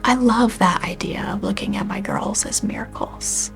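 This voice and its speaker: A woman's voice: mid-range voice, normal speed, gravelly, faint music behind. A woman in her forties sharing a personal testimony, candid and emotional, often dropping to a near-whisper. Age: 40s.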